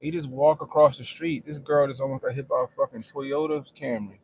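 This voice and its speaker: A man's voice: mid-range voice, fairly even intonation, a little fast. A middle-aged man chatting casually on a stream, telling blunt, profane stories and laughing often. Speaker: streamer and commentator. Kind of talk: casual profane livestream chat.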